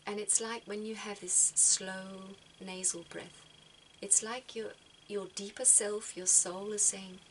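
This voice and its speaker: Woman, soft-spoken, reflective advice, middle pitch, faint hiss behind. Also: fairly even intonation, slow, hardly any pauses. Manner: soft-spoken, repeats words as she thinks. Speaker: spiritual vlogger giving advice. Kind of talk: gentle reflective talk.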